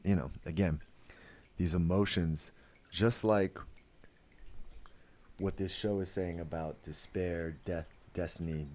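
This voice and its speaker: A podcast host with a low, warm voice offers casual commentary that wanders from point to point. He often restarts sentences and leans on fillers like "like" and "you know," coming across as earnest and easily moved.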